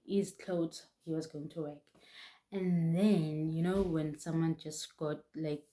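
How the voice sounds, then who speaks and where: A young woman telling a painful personal story in a halting way, often restarting, her voice close to tears. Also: low voice, dark tone. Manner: halting, restarts often, voice rising and breaking with emotion. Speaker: vlogger.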